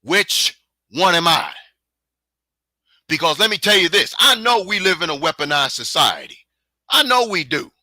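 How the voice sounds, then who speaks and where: A man with a high, piercing, tense voice rants angrily on his solo podcast, hurling taunts at his listeners. The sound is close and completely dry, with no room around it. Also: very animated, brisk, bright, forceful tone, no echo. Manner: heated, profane, taunting with repeated challenges. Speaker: podcast host. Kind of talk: angry solo podcast rant.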